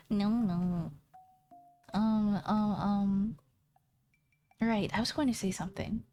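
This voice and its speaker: A woman's voice: mid-range voice, steady tone, slow pace, long pauses, mellow, soft background music. A woman streamer chatting casually with her viewers, playful and teasing, laughing often. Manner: giggly, playful and teasing, talks straight to viewers.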